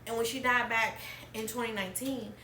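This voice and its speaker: A woman's voice: fairly high pitch, fairly even intonation, a little fast, sharp tone, slight background noise. Candid woman in an echoey room. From Alabama. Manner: candid, wavers between tears and laughter. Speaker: podcast host. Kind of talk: emotional personal conversation. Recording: echoey room, mic at a distance.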